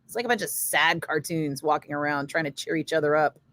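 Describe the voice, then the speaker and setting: A woman radio DJ chatting casually in her studio, answering viewer comments in an animated way with lots of fillers. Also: deep voice, a little fast.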